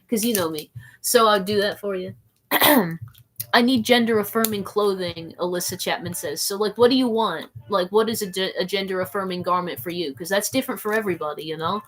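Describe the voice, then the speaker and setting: A woman's voice: mid-range voice, fairly bright tone. A young adult woman live streaming, reading chat aloud in a playful, rambling way, often saying "like" and slipping into silly voices.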